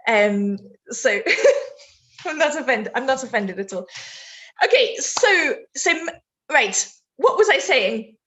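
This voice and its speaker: British female tutor, high-pitched and chatty, live online essay feedback. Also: very animated, takes it slowly, a bit bright. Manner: chatty, laughs easily, reads chat aloud mid-sentence. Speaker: IELTS teacher.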